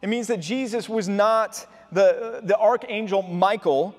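A man's voice: high voice, a little slow. A man preaching a sermon as pastor, explaining earnestly and posing rhetorical questions to his listeners. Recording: long hall reverb.

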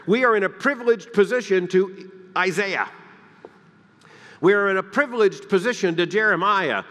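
A man from the Deep South, preaching a sermon, emphatic and swinging between loud peaks and hushed, quiet lines. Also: normal speed, in a large hall. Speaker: pastor. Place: church sanctuary.

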